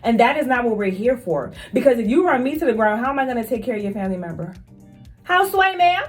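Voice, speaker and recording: A woman's voice: on the high side, lively intonation, very fast, a little mellow, faint music behind. A woman who works as a nurse, talking straight to her viewers in an emphatic, casual storytelling vlog. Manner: emphatic, talks straight to viewers, repeats phrases for stress.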